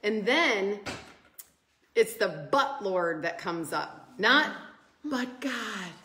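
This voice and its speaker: A woman with a mid-range voice and drawn-out words gives a casual devotional talk as a Bible study speaker, with a little hiss or hum in the audio. She's an animated storyteller who laughs and acts out the quotes, and the room sounds echoey.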